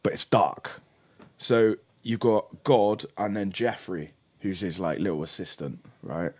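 A young man chatting casually and telling a story in a sweary, animated way. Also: sits low, measured pace, slightly rough, no echo. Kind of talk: casual chat.

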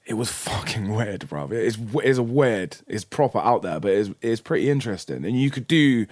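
Young man, casual chat, low voice, lively swearing storyteller. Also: a little fast, no echo, clean studio sound.

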